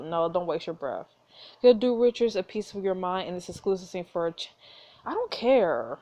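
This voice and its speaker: Lively young woman playing a story game. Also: fairly low pitch, normal speed. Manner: excitable, blunt, laughs often. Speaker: gaming YouTuber. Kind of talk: reading a story game aloud with live reactions.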